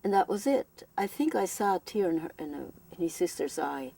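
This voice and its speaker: A woman in her eighties, born in Europe, giving personal testimony in an earnest, halting way, often repeating and restarting words. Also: on the low side, animated, creaky. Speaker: Holocaust survivor giving testimony. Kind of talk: personal testimony, recalled aloud. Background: soft instrumental music.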